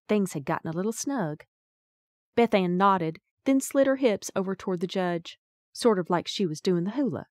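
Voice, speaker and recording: A woman's voice: medium pitch, no echo, clean studio sound. A woman narrating a first-person audiobook in a wry, folksy storytelling manner.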